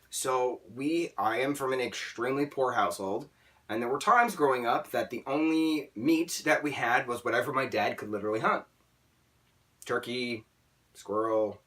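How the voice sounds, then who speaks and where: A man in a mid-range voice, heard a little distant from the microphone. He holds forth in a casual vlog, emphatic and animated, tossing in "right?" between points. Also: medium pitch. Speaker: vlogger. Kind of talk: casual opinion vlog monologue. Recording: voice a bit distant from the mic.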